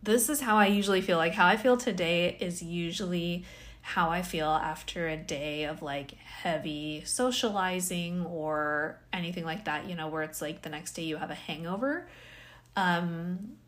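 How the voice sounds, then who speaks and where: A woman's voice: lowish voice, a little slow, fairly bright tone. A tired woman hosting a casual solo podcast, rambling and questioning herself, with sighs, yawns and small laughs. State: tired, yawning. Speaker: podcast host.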